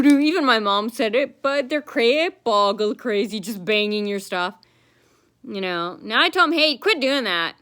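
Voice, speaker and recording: A woman's voice: mid-range voice, sharp tone, clear, resonant tone. A woman telling a long personal story to the camera in a casual, rambling, aggrieved way, full of fillers and restarts. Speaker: vlogger.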